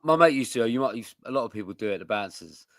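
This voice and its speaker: A man's voice: medium pitch, expressive, very fast, a loud crowd. A middle-aged man, a regular on a casual podcast, who swears and laughs as he tells stories. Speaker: podcast co-host. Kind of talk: casual chat.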